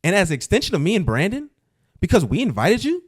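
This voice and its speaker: A man's voice: high-pitched, huge pitch swings, breathy edge, pitched above the performer's own voice, exaggerated voice. A man voicing a prim, offended young woman. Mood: indignant. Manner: prim, measured reading voice. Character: offended young woman reading her own complaint.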